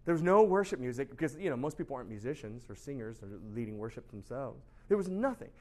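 A man giving a casual, animated sermon as a pastor, often asking "right?" and laughing at himself. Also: medium pitch, quick pace. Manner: chatty, animated, constant rhetorical "right?"; laughs at himself, shouts for emphasis.

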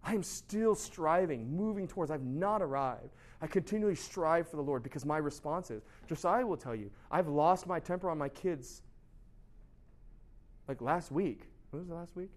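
Man, pastor, chatty youth sermon, somewhat high voice, lively rhetorical questions. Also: normal speed. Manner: chatty, animated, constant rhetorical "right?"; laughs at himself, shouts for emphasis.

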